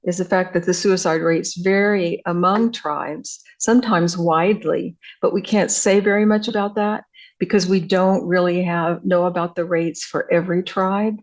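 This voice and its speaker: A woman's voice: lowish voice, fairly even intonation, moderate pace, poor audio. An older woman giving an academic lecture, hesitant, with frequent fillers and restarts. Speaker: visiting scholar lecturer.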